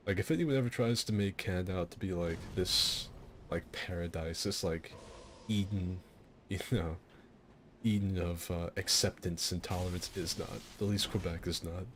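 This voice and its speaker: A low-voiced man hosts a game fight night stream, chatting casually. He rambles, restarts his sentences and laughs at his own stories. A faint hum of noise sits under his voice. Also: normal speed. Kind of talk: casual storytelling over gameplay.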